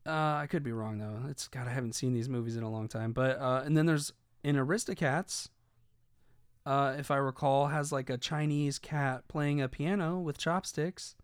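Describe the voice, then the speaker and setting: Rambling, cursing man with a smooth voice. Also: mid-range voice, normal speed, dry recording, clean studio sound. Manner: rambling, profane, many fillers and restarts. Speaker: commentator. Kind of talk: casual commentary.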